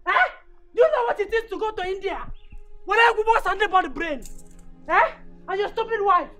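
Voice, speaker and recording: A vain, hot-tempered woman with a Nigerian accent, back from India, who scolds in a pompous, rapid-fire way. Her voice sits very high and bright. Film music plays faintly underneath. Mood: furious scolding. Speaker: film actress. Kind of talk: Nollywood film acting.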